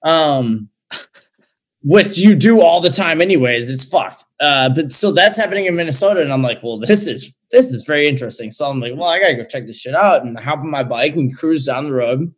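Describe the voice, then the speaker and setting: A man's voice: fairly high pitch, lively intonation, fairly quick. A young man, a podcast guest on a remote call, telling a story in a loose, slangy way and swearing heavily. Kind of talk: casual storytelling.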